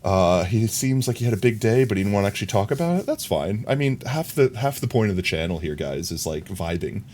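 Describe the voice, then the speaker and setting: A man streaming a game live, chatting in a relaxed, rambling way and thinking aloud to his viewers. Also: lowish voice, fairly quick, a little hiss or hum. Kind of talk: casual gameplay chat.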